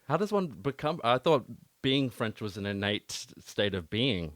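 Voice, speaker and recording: A man's voice: mid-range voice, big pitch swings, normal speed, fairly bright tone, no room sound. A man co-hosting a casual philosophy podcast, asking thoughtful questions and reading poetry aloud. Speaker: podcast co-host.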